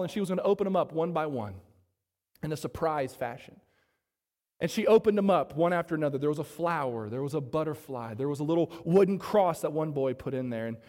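A man with a high voice preaches a sermon, now and then asking the church to agree with him. He rises to loud emphasis and then drops to quiet, low asides. His voice carries a long reverb, as in a big hall. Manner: call-and-response, asking the congregation to agree; dynamic, swinging between loud emphasis and soft low asides. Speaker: pastor.

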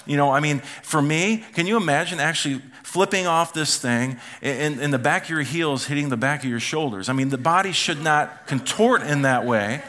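Bright-voiced middle-aged male pastor preaching. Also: fairly high pitch, moderate pace, hardly any pauses. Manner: storytelling, acts out family members' voices. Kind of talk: sermon.

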